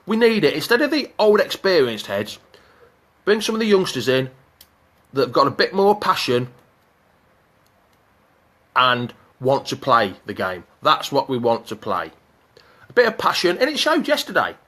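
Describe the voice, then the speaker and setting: A man hosting a live fan show, reading out viewer comments and chatting in an excitable, jokey way. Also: medium pitch, normal speed, long pauses. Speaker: fan channel host.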